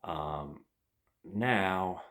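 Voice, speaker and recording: A man's voice: sits low, very slow, fairly bright tone. A man giving a casual, meandering movie review and addressing his listeners as guys. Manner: meandering, hesitant.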